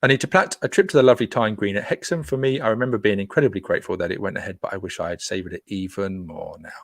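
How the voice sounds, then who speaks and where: A man's voice: lowish voice, racing, gravelly, no room sound, studio quality. A man hosting a casual live stream, reading out viewer comments in a chatty, playful way. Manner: chatty and playful, jokes with listeners. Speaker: host.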